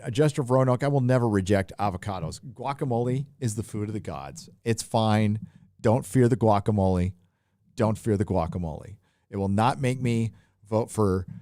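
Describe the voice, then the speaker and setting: A warm, lowish male voice comes through studio-quality audio with no room sound, from a handheld mic. The speaker is a middle-aged man from California hosting a live stream and reading super chats, rambling and swearing casually with frequent filler.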